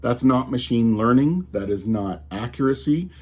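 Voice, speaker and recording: A man's voice: mid-range voice, lively intonation, normal speed, a little mellow, breathy edge. A man with a slight Colorado drawl, ranting casually and with exasperation about tech, often restarting his sentences. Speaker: tech commentator.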